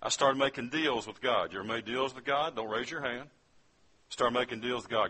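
A man's voice: mid-range voice, moderate pace, pushed and bright, husky. A man from West Virginia telling a testimony as a sermon, speaking straight to his listeners as he tells his story. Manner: storytelling, addresses the audience directly.

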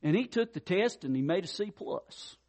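A man's voice: fairly high pitch, expressive, moderate pace, darkish tone. A man preaching a sermon, conversational and direct, telling stories to make his point and speaking straight to the congregation. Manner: conversational storytelling preacher, addresses listeners directly. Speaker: pastor.

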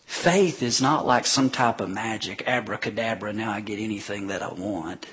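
A man preaching a sermon as a pastor, retelling scripture stories with animated delivery and acted-out voices of crowds. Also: on the low side, normal speed, slightly rough. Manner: animated storytelling preacher, acting out crowds with shouts.

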